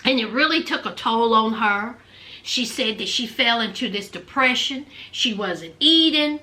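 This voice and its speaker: A woman recaps a reality show in a sassy, chatty way. Her voice is high and bright. Her pitch swings widely, and she speaks slowly. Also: lively intonation. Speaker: vlogger.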